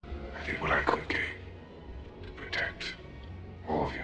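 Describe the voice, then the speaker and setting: An actor playing an aging mob boss who speaks quietly and weighs each word, in a film drama. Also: male voice, measured pace, faint music behind. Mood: measured. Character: aging male mob boss, measured and guarded. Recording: roomy film soundtrack with faint score.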